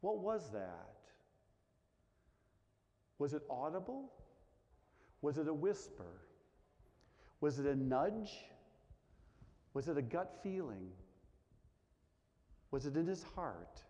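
Animated preacher in an echoing hall. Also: male voice, a little high, slow, pauses often. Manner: dramatic, drops to a hush for quiet lines, asks many questions. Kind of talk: sermon. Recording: dull sound with long reverb in a large hall.

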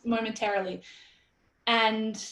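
An Australian woman in her thirties telling a story in an interview, animated and blunt, quoting herself and swearing freely. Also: on the high side, slow pace. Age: 30s. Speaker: guest. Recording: roomy echoey sound.

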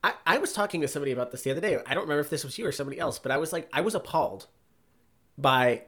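A man's voice: a little high, expressive, very fast, a bit bright. A male podcast co-host in casual banter, wry and teasing. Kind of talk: casual chat.

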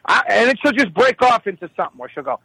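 A man telling rambling comic stories in a casual, profane, animated way. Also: high voice, fast talker, vocal fry, slightly rough, dry recording, rough recording. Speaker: regular of the show. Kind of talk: casual comedic storytelling.

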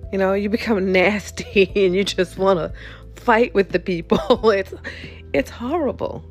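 A woman's voice: medium pitch, a little slow, faint music behind. A woman hosting a podcast, telling a profane comic rant about bad jobs, laughing often as she talks. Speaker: podcast host. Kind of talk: comedic storytelling rant.

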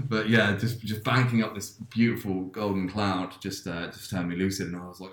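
Podcast host, male, low voice, loose rambling storyteller, echoey room. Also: flat delivery, moderate pace, hardly any pauses, a bit bright. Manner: rambling, many restarts and fillers. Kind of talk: casual chat, telling a dream. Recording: roomy echo.

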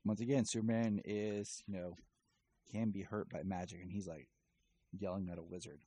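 Brief: casual male comic reviewer, deep, mellow, slightly breathy. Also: steady tone, moderate pace, rough recording. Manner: rambling, filler-heavy retelling. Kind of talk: casual chat.

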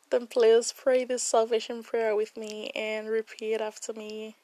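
A woman's voice: a little high, little pitch movement, unhurried, few pauses, no room sound. A woman hosting a casual Bible devotional, talking earnestly and emotionally to her viewers with lots of fillers. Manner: warm, earnest and emotional, with many fillers and laughs. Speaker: Bible study host.

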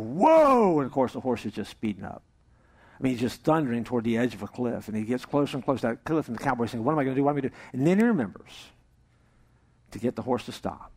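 During a church service, a pastor with a creaky, mid-range voice preaches to the congregation. His sermon turns into a joke, delivered as animated storytelling with acted-out voices.

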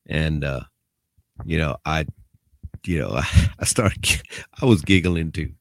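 Deep gravelly man telling a story. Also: sing-song, moderate pace, no echo. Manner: laid-back, profane, slips into Spanish. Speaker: podcast host telling a prison story. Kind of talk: casual storytelling.

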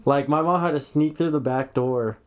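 A man's voice: medium pitch, normal speed, smooth. A young man co-hosting a podcast from bed at home while recovering from surgery, bantering and joking casually. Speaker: podcast co-host. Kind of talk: casual chat. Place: his own house.

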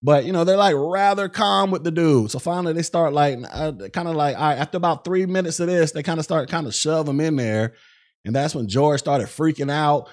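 A man's voice: on the high side, fairly quick. A man hosting a podcast, recounting events in casual commentary with lots of fillers. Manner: conversational, recounts events with many fillers and acted-out quotes. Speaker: podcast host.

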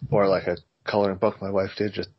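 A man chatting casually on a podcast, joking in a dry, deadpan, mumbling way. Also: sits low, fast, husky. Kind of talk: casual banter. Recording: slightly dull lo-fi audio.

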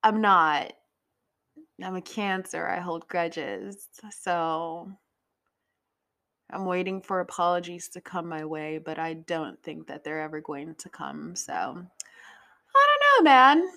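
A woman's voice: fairly low pitch, fairly even intonation, slow pace, vocal fry, fairly bright tone. A woman hosting a podcast, chatting casually in a rambling way, swearing freely and laughing often. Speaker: podcast host. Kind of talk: casual chat.

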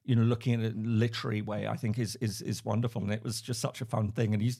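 A man's voice: lowish voice, flat delivery, creaky, dark tone. Chatty English man, guest on a podcast. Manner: halting, many restarts, laughs often. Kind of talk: casual interview talk. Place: at home, remote.

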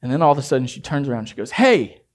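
A man preaching a sermon as a pastor, telling a story in a hushed, intimate way and rising to emphatic exhortation. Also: mid-range voice, rapid-fire.

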